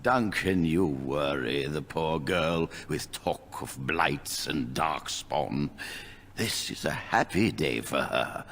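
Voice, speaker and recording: An actor playing a kindly elderly head mage in a video game, with a gentle, grandfatherly, unhurried manner. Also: a bass voice, expressive, slight background noise, full character voice. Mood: reassuring.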